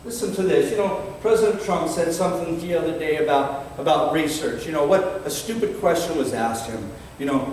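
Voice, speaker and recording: An older man preaching a sermon in a fiery, dramatic way, reading scripture slowly and emphatically and swinging between loud and quiet. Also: fairly high pitch. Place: large church hall. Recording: echoey hall from far off, faint background noise.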